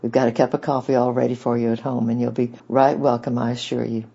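A man's voice: medium pitch, level tone, fast, gravelly, dark tone, breathy edge. A man voicing an elderly island grandfather who is hearty and emotional, in a raised, exclaiming manner. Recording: dull lo-fi recording.

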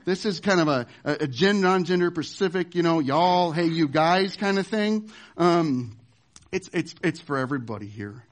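A male pastor delivering a sermon. His voice sits high, and he preaches emphatically, pushing some points hard and dropping others to a hush. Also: animated, moderate pace. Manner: emphatic preaching, wide swings from loud to hushed.

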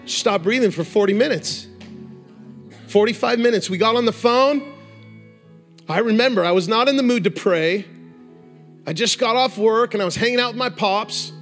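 Male revival preacher, high voice, fervent, faint music bed. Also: moderate pace, long pauses. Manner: passionate, swings from hushed to rising exhortation. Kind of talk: sermon.

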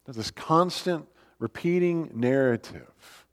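A man's voice: medium pitch, lively intonation, measured pace. A man preaching a sermon in an earnest, emphatic way, asking rhetorical questions and quoting scripture. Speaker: pastor. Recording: long hall reverb.

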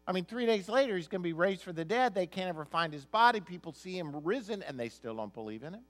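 A man's voice: high voice, lively intonation, quick pace, a bit bright. A male pastor preaching a sermon, reading scripture aloud and then explaining it in an emphatic, conversational way.

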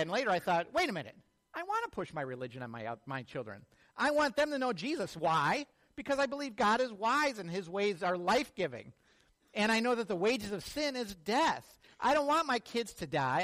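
High-voiced male pastor preaching. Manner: animated storytelling, acts out quotes. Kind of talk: sermon.

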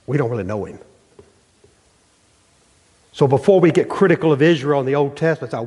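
A man's voice: fairly high pitch, lively intonation, fast, long pauses, darkish tone, slightly rough. A male pastor preaching a sermon, putting rhetorical questions to his congregation. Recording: long hall reverb.

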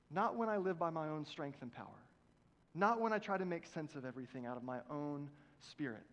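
A man preaching a sermon as pastor, with emphatic swings between loud exhortation and hushed prayerful passages. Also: fairly high pitch, sing-song, a little fast, highs cut off. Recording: long hall reverb from a church.

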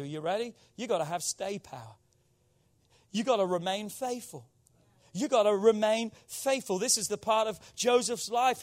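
A man preaching a sermon as pastor, with call-and-response that swings between loud exhortation and quiet intensity. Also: high-pitched.

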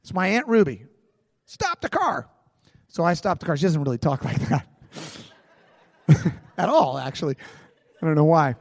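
A pastor telling a personal story in a sermon, conversational and animated, in a large church hall. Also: male voice, a little high, moderate pace, vocal fry, long pauses.

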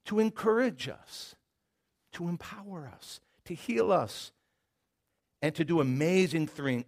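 A middle-aged man preaching a sermon as pastor, telling stories in an animated way and repeating words as he builds his point. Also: medium pitch.

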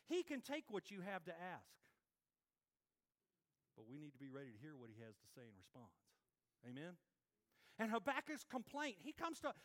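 A man preaching a sermon as pastor, animated and playful, with quick swings between loud and soft. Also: high-pitched.

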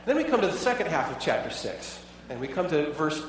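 A man's voice: fairly high pitch, big pitch swings, brisk, background noise. A pastor preaching a sermon in a conversational way, asking his listeners many rhetorical questions. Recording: echoey hall, voice from far off.

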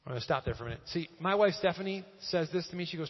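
A man's voice: fairly high pitch, lively intonation, racing, few pauses. A male pastor giving a casual, joking sermon in a church, often using fillers. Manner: conversational and joking, with frequent fillers. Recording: echoey hall, dull lo-fi sound.

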